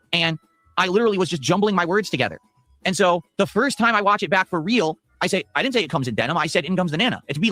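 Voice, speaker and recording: A man's voice: on the high side, pushed and bright, dry recording. A man streamer ranting defensively and indignantly about how his words were misheard. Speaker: gaming streamer. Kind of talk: exasperated rant.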